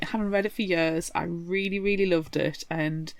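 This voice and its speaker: A woman's voice: fairly low pitch, steady tone, normal speed. A woman co-hosting a book podcast, chatting casually and playfully with frequent jokes. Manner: playful, jokey, laughs often. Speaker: podcast co-host.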